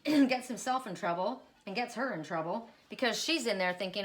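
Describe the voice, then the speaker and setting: A woman doing a card reading who tells a story in a loose, chatty way. She keeps restarting her sentences and breaking off into asides. Her voice sits at a plain middle pitch. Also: animated, moderate pace. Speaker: tarot reader. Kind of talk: casual spoken card reading.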